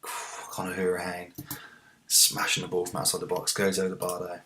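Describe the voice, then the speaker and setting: A very deep-voiced man commentates on his own football management game in a relaxed, chatty way. He talks through tactics and matches, and erupts into excited cheers when his team scores. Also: moderate pace, slight background noise. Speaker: let's play host.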